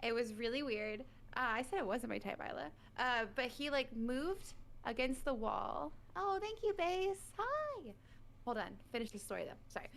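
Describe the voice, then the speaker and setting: A woman in the military, telling a long, animated story in casual chat over online voice chat. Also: sits high, moderate pace, creaky. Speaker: military service member. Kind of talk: casual chat on a game stream.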